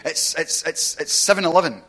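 A Glaswegian man preaching through chatty, lively stories, checking in with the congregation as he goes. His voice sits slightly high and sounds bright and forward. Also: moderate pace. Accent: Glaswegian Scottish. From Glasgow, Scotland. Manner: chatty, animated storytelling with frequent "right?" and laughs. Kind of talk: sermon storytelling.

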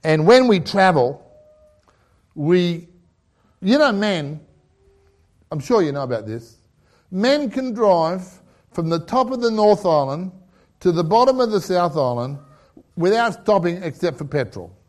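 A high-pitched Australian man delivering a humorous sermon, full of stories and jokes. He is middle-aged, chuckles at his own lines and keeps a chatty, storytelling manner. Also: very animated, a little slow, pauses often, darkish tone. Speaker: pastor.

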